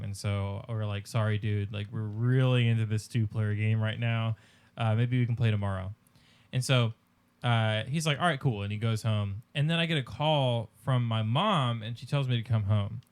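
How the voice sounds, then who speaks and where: A young man hosting a podcast, telling a childhood story in casual chat with lots of ums and pauses. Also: mid-range voice, smooth. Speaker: podcast host.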